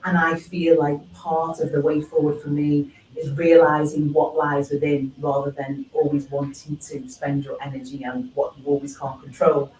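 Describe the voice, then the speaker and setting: Low-voiced Scouse woman, roomy hall. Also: darkish tone, far from the mic, a little hiss or hum. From Liverpool, England. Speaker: panel speaker. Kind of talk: live panel talk. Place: event hall at a live forum.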